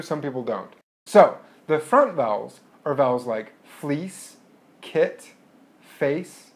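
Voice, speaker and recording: Give me a man lecturing on vowels, clear and patient, a bit higher-pitched. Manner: clear and explanatory, modeling vowel sounds slowly. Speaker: linguistics lecturer. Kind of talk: recorded lecture.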